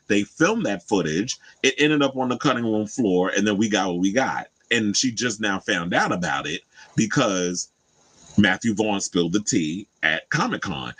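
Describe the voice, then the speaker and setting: A man with a fairly low voice hosts a casual celebrity gossip show. He is chatty and animated, and his pitch jumps sharply for emphasis and acted-out quotes. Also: husky, rough recording. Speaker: host.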